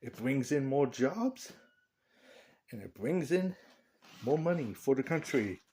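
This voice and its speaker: Rambling joking man, lively pitch. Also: slow, breathy edge. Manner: rambling, joking, opinionated, laughs at own lines. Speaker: vlogger. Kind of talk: casual opinion rant to camera.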